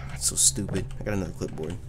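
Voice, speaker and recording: A man hosting a let's play, commenting loudly and profanely, often yelling at the game. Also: medium pitch, noisy background. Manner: loud, profane, excitable, yells at the game. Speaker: gaming channel host.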